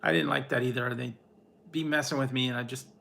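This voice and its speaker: Man, casual home livestream chat, bright voice, loose and rambling, quick laughs. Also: medium pitch, fairly even intonation, creaky. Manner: rambling, chuckles often, talks to his pet. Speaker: livestream host. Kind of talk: casual chat with live chat viewers.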